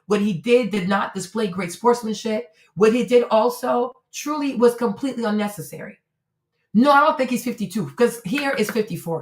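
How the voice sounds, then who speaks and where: Animated woman streamer in an echoey room. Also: mid-range voice. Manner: animated, swears freely, exclaims in surprise. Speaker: livestream host. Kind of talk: casual livestream commentary. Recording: roomy echo.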